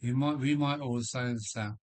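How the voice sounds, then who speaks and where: A man's voice: medium pitch, steady tone. An older man from Kent with a Kent accent, chatting casually and rambling on a livestream. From Kent, England. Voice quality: slow and rambling, with frequent restarts and fillers. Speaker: livestream host. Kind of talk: casual chat. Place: home loft.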